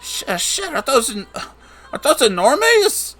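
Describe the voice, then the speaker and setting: A man voicing a panicky young male hero who stammers in a shrill, high voice. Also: very animated, a little slow, a bit bright, soft background music, exaggerated voice. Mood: panicked.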